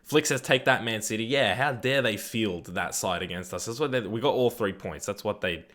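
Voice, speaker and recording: Fairly low in pitch and fairly bright in tone, this young Australian man talks at normal speed while streaming a game. He reads viewer chat aloud and replies in a relaxed, meandering manner, swearing casually.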